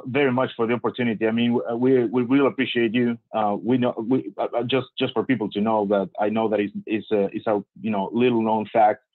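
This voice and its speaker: A man hosting a webinar, thanking his guest in a halting way and repeating words. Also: on the low side, dry recording. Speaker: webinar host. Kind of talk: interview host remarks. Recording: dry, tinny phone-like line.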